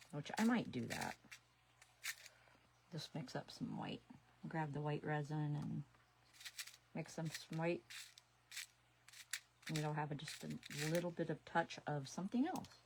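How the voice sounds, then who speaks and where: This resin artist in her sixties keeps up a chatty livestream, muttering to herself as she crafts. She has a low voice, and there's noticeable noise in the background.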